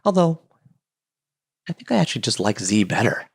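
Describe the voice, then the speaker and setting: A man hosting a solo podcast from his basement, chatty and playful, wandering off into quick jokes and asides. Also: mid-range voice, sing-song, gravelly, husky. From Canada. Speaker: podcast host. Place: home basement.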